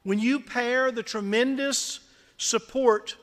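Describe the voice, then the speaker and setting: A middle-aged man with a South Louisiana accent, giving an earnest, gently humorous prepared speech at a reception. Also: very high-pitched, steady tone, takes it slowly. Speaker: scholarship recipient speaker. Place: large community center hall. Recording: reverberant hall.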